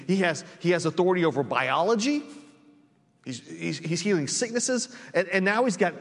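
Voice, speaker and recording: Pastor, male, high-pitched, earnest sermon delivery with stumbling repeats, church reverb. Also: expressive, normal speed, vocal fry. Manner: earnest, repeats words when stressing points.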